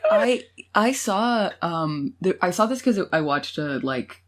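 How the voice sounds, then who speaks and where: A woman in her twenties co-hosting a podcast in casual chat, animated and giggly as she tells stories. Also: lowish voice, slow. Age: 20s. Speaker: podcast co-host.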